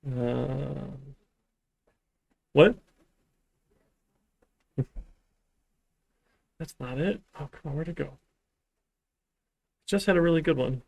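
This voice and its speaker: A man's voice: fairly high pitch, drawn-out words, creaky, pauses often, a little mellow, no echo. A man teaching a programming class in a live-streamed lecture, talking in a rambling way with dry, sarcastic asides. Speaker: programming instructor.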